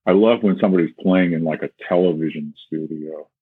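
A man's voice: low voice, a little fast, slightly rough, no echo. A man, a flute teacher, explaining breathing in a casual conversation and demonstrating with sung syllables and quoted voices. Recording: tinny phone-like call audio.

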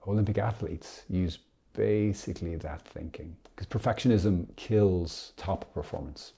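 A man preaches in a casual, animated video sermon with playful asides. His voice sits a little low and sounds very dark and mellow, with a husky edge. He swings between loud emphatic bursts and soft, quiet stretches. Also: moderate pace. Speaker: Catholic preacher.

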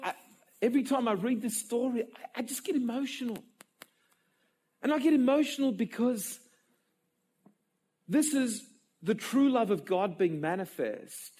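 Male preacher, emotional storyteller, lively pitch, breathy tone. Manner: emotional, animated storytelling with repeated stammered restarts. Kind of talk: sermon.

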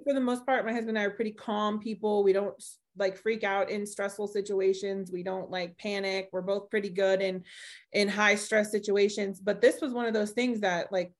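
Animated young woman telling her story. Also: mid-range voice, normal speed. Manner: animated storyteller acting out quoted voices. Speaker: guest. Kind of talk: storytelling in a podcast interview.

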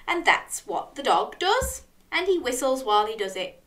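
Brief: woman storyteller, slow and bright, for young kids. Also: a little high, distant mic. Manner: lively, animated, talks directly to young listeners. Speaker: children's storyteller. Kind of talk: picture book read-aloud with chat to children.

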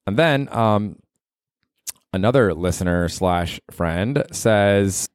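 A man with a lowish voice rambles through a casual comedy podcast monologue, swearing freely as he goes. His voice is recorded close and dry. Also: lively intonation, slow, clean tone, no room sound. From Tampa area, Florida.

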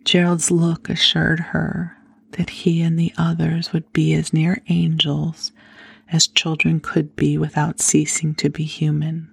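A woman reading a classic children's story aloud in a soft, unhurried whisper. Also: low voice, monotone, creaky, breathy edge, dry recording.

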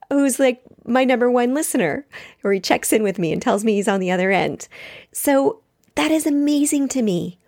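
A woman's voice: medium pitch, darkish tone. A woman hosting her own podcast, speaking straight to listeners in an upbeat, encouraging way and reading aloud from her book. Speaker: podcast host.

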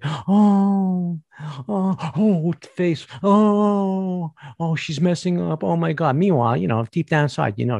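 Male vlogger, mid-pitch, sarcastic ranting delivery with halting repeats; dry, close recording. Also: vocal fry, no echo. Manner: sarcastic, mocking asides. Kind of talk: ranting commentary.

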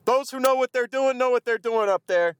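A man's voice: very high voice, fairly quick, smooth, dry recording. A man giving a profane, grumbling post-game rant as a fan vlogger. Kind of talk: ranting post-game chat. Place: outdoors in the cold.

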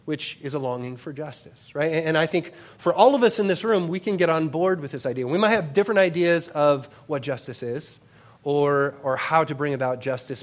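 A pastor in his thirties delivers a sermon in a fairly high, conversational voice. He leans on everyday family anecdotes and keeps pulling the congregation in with quick questions. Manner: conversational, anecdotal, often asks "right?".

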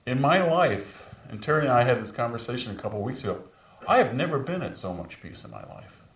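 A man's voice: big pitch swings, quick pace. A man in his sixties preaching a sermon as pastor, telling stories and lifting his voice for emphasis. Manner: storytelling preacher, rises in pitch for emphasis. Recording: echoey room, voice from far off.

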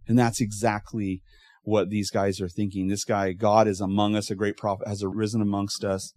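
A man's voice: lowish voice, no room sound, clean studio sound. Conversational male pastor preaching. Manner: conversational, animated storytelling with asides. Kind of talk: sermon.

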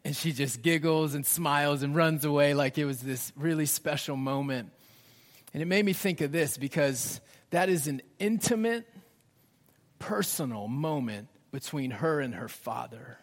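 A fairly high-pitched man in his thirties delivers a sermon, his voice ringing out with a long reverb in a large church space. He rises for emphasis, then sinks to soft, almost whispered phrases. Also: moderate pace. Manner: dynamic, drops to hushed near-whispers for emphasis. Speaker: pastor.

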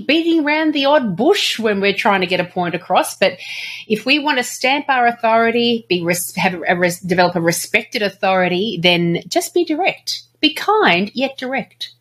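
An Australian woman co-hosting a casual advice chat, playful and quick to laugh. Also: fairly high pitch, animated, fairly bright tone, husky. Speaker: podcast co-host.

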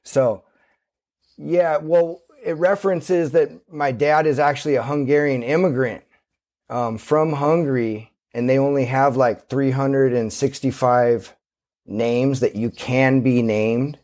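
A man's voice: mid-range voice, steady tone, measured pace, darkish tone. A man from Santa Cruz, a skateboarder guest, telling stories in a loose, rambling way full of fillers. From Santa Cruz, California. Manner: rambling storyteller, many fillers, easygoing. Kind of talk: casual interview.

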